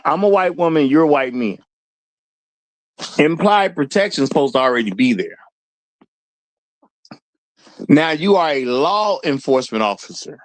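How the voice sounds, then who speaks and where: A man's voice: fairly high pitch, no room sound, natural voice. A man voicing an entitled woman who demands police protection, in a mocking, indignant manner.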